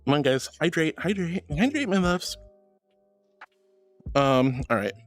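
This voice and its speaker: A man's voice: a little high, lively intonation, a little slow. A man streaming as a VTuber, reading chat messages aloud and answering viewers affectionately, calling them sweetie and honey. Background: faint background music.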